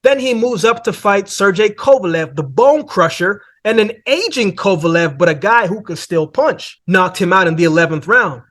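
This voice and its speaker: A man's voice: sits high, expressive, normal speed, few pauses, fairly bright tone. A man hosting a casual boxing breakdown, talking conversationally and often tossing in "man" and "right?". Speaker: boxing analyst host.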